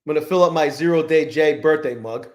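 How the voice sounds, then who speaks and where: A young man talks loosely and profanely to his live audience as he trades, his voice sitting fairly high. He keeps greeting chat viewers by name between remarks. The room around him rings with echo. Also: normal speed, a little mellow. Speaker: live-stream trading host. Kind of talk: casual live-stream chat. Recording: echoey room.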